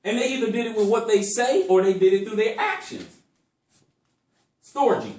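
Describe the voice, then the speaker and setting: A man teaching a group about love, speaking emphatically and deliberately varying his voice for effect. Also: high voice, a little mellow, distant mic. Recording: echoey room, speaker away from mic.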